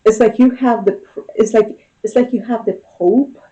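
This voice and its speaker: A woman's voice: on the high side, fairly even intonation, normal speed, mellow, rough recording. A woman giving a casual tarot reading, talking in a loose, conversational way and often checking in with "okay?" and "you know?". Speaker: tarot reader.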